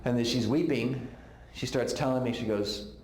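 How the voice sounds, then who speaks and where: A middle-aged man speaking to a conference audience in a medium-pitched voice. He tells a story and acts out the voices of the people in it. The sound is roomy, with faint hall ambience behind him. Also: normal speed, a little mellow, a little hiss or hum. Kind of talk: talk to a live audience.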